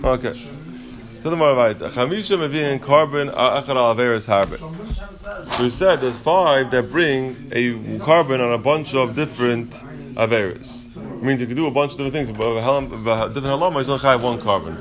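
A man's voice: mid-range voice, fairly quick. Man teaching a Talmud class. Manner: reasons aloud, questioning, mixes in Hebrew and Yiddish terms.

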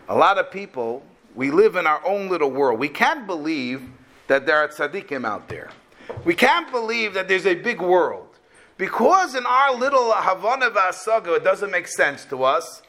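A high-pitched man gives a storytelling religious lesson, animatedly retelling a tale before pressing its moral home. His voice is bright and forceful. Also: very animated, measured pace. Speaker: religious teacher.

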